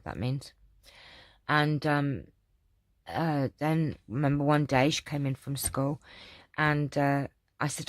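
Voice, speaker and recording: A woman's voice: sits low, takes it slowly, long pauses, no room sound, clean studio sound. A woman chatting casually on her craft vlog, rambling with lots of ums and restarts as she answers viewer questions. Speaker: craft channel vlogger.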